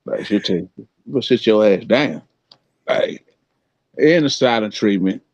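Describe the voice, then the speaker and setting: A man's voice: lowish voice, expressive, measured pace. A man chatting on a podcast as co-host, laid-back and slangy, with a blunt way of talking. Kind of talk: casual chat. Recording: dull lo-fi sound, off-mic.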